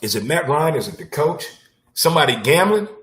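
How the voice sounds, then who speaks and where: Blunt, animated man hosting sports talk. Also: on the high side, brisk, a little hiss or hum. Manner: animated, blunt, with casual swearing and repeated punchlines. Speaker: sports talk show host. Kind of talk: casual sports talk monologue.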